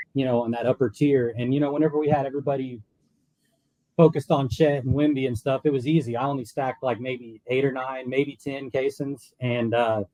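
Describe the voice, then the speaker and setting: Male guest, laid-back and mellow-voiced, dry close sound. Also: medium pitch, dry recording, rough recording. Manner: relaxed, rambling storyteller. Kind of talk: casual podcast chat.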